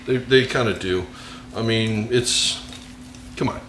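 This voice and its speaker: A man's voice: fairly low pitch, takes it slowly, a bit bright, a little hiss or hum. An American man cooks on camera and chats as he goes, cracking jokes at his own expense. His voice bounces around a roomy kitchen, with the faint clink of cutlery and dishes behind him. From United States. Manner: joking, rambling, self-mocking asides. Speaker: cooking show host. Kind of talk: casual cooking demonstration.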